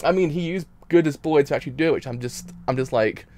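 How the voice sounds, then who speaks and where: A man's voice: on the high side, quick pace, darkish tone, slight background noise. A man reacting to an anime episode in a casual stream, rambling and repeating himself while crying. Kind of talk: emotional casual reaction talk.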